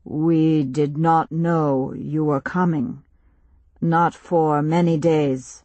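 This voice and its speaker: A woman voicing a wary young tribesman who speaks slowly and stiffly, in an audiobook. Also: deep voice, steady tone, dark tone, no echo. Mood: puzzled, formal. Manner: slow, stiff, formal speech. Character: wary tribal young man, slow and formal.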